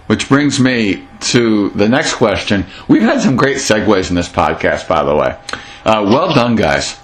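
A male podcast host with a fairly low voice talks earnestly with a guest. His speech is casual and unscripted, with the odd repeated word as he works through a thought. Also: big pitch swings, a little slow. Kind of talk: casual interview chat.

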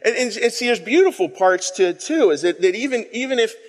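A man preaching an interactive sermon, with a slightly high voice. He is playful and self-deprecating as he calls on the congregation to repeat words after him. His voice rings out in the long reverb of a church sanctuary. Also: lively intonation, fairly quick. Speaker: pastor. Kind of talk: interactive sermon with audience call-and-response.

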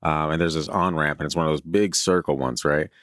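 A man with an extremely low voice talks casually as a podcast co-host, rambling through a story with many fillers. He is chewing candy as he speaks. The sound is dry and close. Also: steady tone, brisk, fairly bright tone, no room sound. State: chewing candy while talking. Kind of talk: casual chat.

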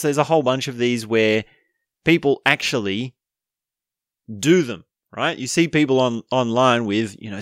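A man talking casually on his own, chatty and quick to laugh, often ending lines with a questioning "right?". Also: medium pitch, a bit bright, dry recording, clean studio sound. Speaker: speaker explaining a topic. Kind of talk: casual monologue.

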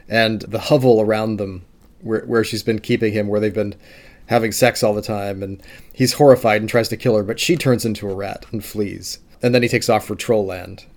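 A man's voice: lowish voice, steady tone, moderate pace. A man co-hosting a podcast, eagerly retelling a book's plot in casual chat with many laughs and stammered restarts. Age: adult with wife and daughter. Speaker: podcast co-host. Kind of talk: casual book discussion.

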